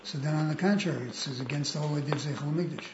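A man's voice: fairly high pitch, racing. A man leading a group text study, explaining points patiently and often affirming others. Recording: roomy, muffled, noisy room recording.

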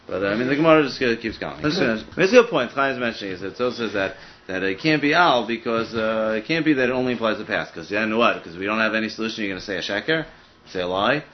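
A man leads a Talmud study group at a brisk clip, working through the text aloud with frequent "I mean" asides. The recording is dull and lo-fi, with a muffled top end. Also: lowish voice, lively intonation, a little hiss or hum. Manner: fast, thinking aloud with many "I mean" asides. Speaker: Talmud teacher. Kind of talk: casual study-group teaching.

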